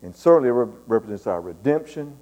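Preacher guy in his 50s, mid pitch, folksy and earnest, big churchy echo. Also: moderate pace, dark tone. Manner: folksy, earnest, repeats words. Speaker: pastor. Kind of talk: sermon storytelling. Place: church sanctuary. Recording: long church reverb.

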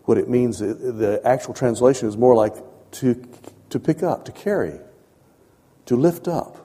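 A man preaches a sermon, talking to his listeners like a conversation and repeating phrases as he builds his points. His voice is mellow and a little husky, dropping to soft asides and rising to emphatic lines. The sound carries a long reverb like a large hall. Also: mid-range voice, a little slow.

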